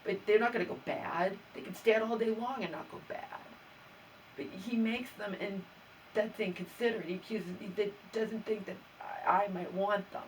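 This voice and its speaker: A woman's voice: medium pitch, fairly even intonation, normal speed, distant mic, a little hiss or hum, low-quality recording. A woman vlogger venting her grievances in an aggrieved, exasperated way, stammering and restarting as she talks. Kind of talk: venting personal vlog.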